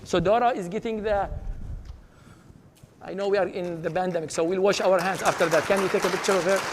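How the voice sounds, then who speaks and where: High-voiced man hosting an awards ceremony. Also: fairly even intonation, a little fast, noisy background. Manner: upbeat, leads applause, names honorees. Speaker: dean presenting awards. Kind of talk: ceremony speech. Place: large auditorium. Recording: reverberant auditorium with audience.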